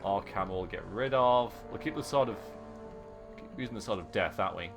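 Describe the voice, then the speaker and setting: A man with a fairly low voice talks fairly quickly while streaming a video game. He keeps up casual, jokey chatter with his viewers, laughing often, as game music plays faintly.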